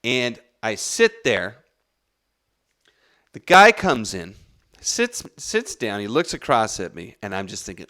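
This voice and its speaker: A man's voice: medium pitch, a little slow. A man, the podcast's host, telling a long story in a rambling, profane, casual way. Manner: rambling, profane, animated, with restarts.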